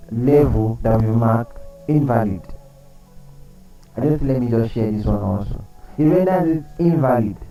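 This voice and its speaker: A man's voice: medium pitch, mellow, distant mic, rough recording. Man coaching traders with quiz-style repetition. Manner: explanatory, repeats key points, asks rhetorical questions. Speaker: trading coach. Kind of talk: live trading analysis.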